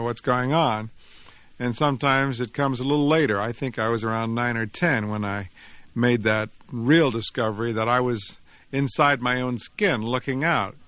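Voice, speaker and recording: A man, the author, reading his own story aloud in an expressive, measured storytelling voice. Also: medium pitch, dry recording. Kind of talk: dramatic reading of fiction and reflective commentary.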